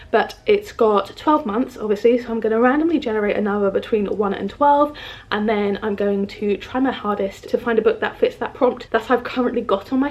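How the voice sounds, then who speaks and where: A woman's voice: fairly high pitch, darkish tone, muffled recording. A young woman in her twenties from the UK chatting casually to camera as a book vlogger at home by her bookshelf, bubbly and full of "like" and "um". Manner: chatty, bubbly, filler-heavy with lots of "like" and "um". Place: home room in front of a bookshelf.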